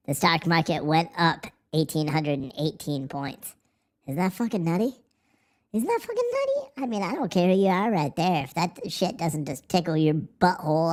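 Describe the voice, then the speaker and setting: A man hosting a livestream, ranting in a profane, sarcastic and rambling way through a voice changer. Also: a little high. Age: adult, married. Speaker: livestream host. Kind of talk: casual livestream chat.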